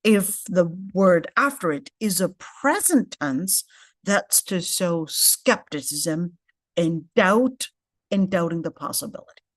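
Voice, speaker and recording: A woman's voice: lowish voice, animated, slow, no room sound, studio quality. A woman teaching a casual lecture in English with Arabic terms mixed in, explaining step by step and often checking in with "okay?". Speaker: Quran tafseer teacher.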